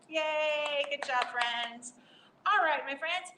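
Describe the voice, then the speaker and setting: A woman's voice: high-pitched, takes it slowly, bright, forceful tone. A woman leading a children's library storytime, reading and singing to young listeners in a cheerful, sing-song manner. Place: library room. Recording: roomy, distant mic, faint hiss.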